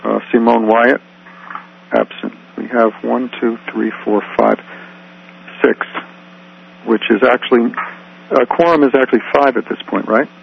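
A man's voice: medium pitch, fairly even intonation, a little slow, vocal fry, pauses often, highs cut off, slight background noise. A man taking the roll at a phone meeting, talking hesitantly with many fillers. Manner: hesitant, many uhs and ums. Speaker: committee secretary.

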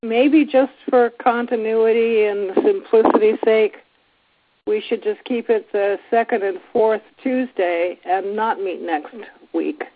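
Husky woman speaking on a phone line. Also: on the high side, slow. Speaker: committee member. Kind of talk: making a motion in a meeting.

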